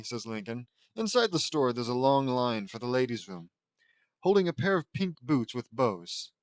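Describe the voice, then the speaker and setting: A man's voice: mid-range voice, sing-song, normal speed, no room sound. Chatty man reading a fan audiobook. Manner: chatty reading with offhand asides and laughs. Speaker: narrator.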